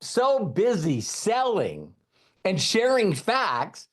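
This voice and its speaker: In an energetic training talk, a network marketing trainer in his fifties keeps repeating his main points and quizzing the audience. His voice is high-pitched and extremely slow.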